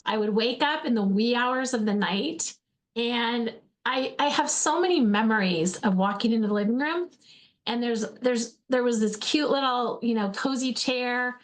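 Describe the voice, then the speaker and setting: A woman's voice: on the high side, normal speed. A woman in her forties from Alaska giving an earnest motivational talk, often calling her listeners friends and repeating words as she goes. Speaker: host, faith-based speaker.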